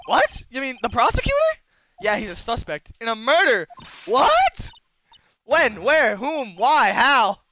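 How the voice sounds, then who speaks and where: Bubbly teen girl medium, chirpy and high, as a man puts her on. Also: wildly swooping pitch, measured pace, bright, forceful tone, slight background noise, exaggerated voice. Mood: alarmed. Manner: chirpy, eager, exclamatory. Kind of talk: video game voice-over reading.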